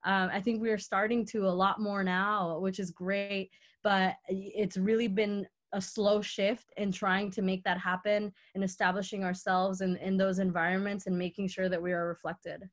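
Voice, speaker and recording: A woman's voice: mid-range voice, level tone, normal speed. A young woman from Mexico, an artist, telling a heartfelt personal story in a lecture Q&A over a video call. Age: young adult. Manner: earnest, heartfelt, acts out quoted dialogue.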